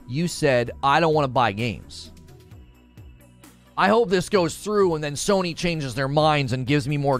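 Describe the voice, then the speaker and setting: Guy on a livestream reading chat and mocking stuff, voice swinging all over, faint music behind. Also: medium pitch. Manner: sarcastic, mocking ranting. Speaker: livestream host. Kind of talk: live stream commentary reading chat.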